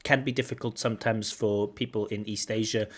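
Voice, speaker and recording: A man's voice: lowish voice, fairly even intonation. Male examiner explaining speaking mistakes. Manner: explanatory, modelling pronunciation slowly. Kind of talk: exam feedback commentary.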